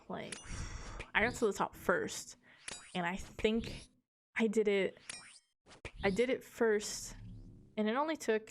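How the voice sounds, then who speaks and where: A woman's voice: mid-range voice, a little hiss or hum. A woman streamer telling a long story in casual chat, rambling with lots of fillers, laughing often and swearing casually.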